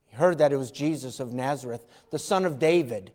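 A man preaching a sermon as a pastor. He talks with animated emphasis, shouts at times and acts out the voices of the people in his story. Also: mid-range voice, a little fast, few pauses. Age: adult parent. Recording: long hall reverb.

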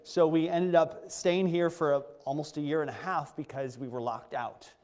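Male missionary preacher, higher-pitched, earnest and chatty with restarts, church hall reverb. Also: fairly even intonation, normal speed, a little mellow. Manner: earnest, conversational, with frequent restarts. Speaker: missionary pastor. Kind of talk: sermon testimony. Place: church sanctuary.

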